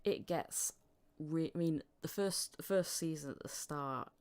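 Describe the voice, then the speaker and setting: A woman's voice: low-pitched, a little slow, a little mellow. A woman hosting a voice-acting livestream, casually reading viewer questions with plenty of fillers. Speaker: livestream host and voice actor.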